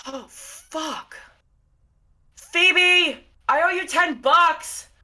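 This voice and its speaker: A woman game master voicing a frazzled, profane one-armed woman in a tabletop role-play, flustered and hurried. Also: very high voice, bright, forceful tone, voice pushed up, exaggerated voice.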